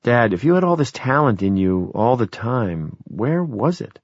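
A man's voice: mid-range voice, sing-song, a little slow, no echo. A man voicing an earnest, persistent young adult daughter in an audiobook, coaxing and insistent, on a dry, dull-sounding recording.

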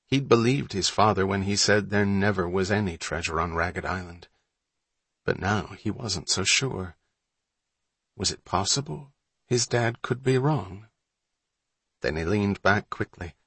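Deep-voiced man reading an audiobook. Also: husky, dry recording. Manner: steady, measured storytelling. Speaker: audiobook narrator. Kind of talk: scripted narration.

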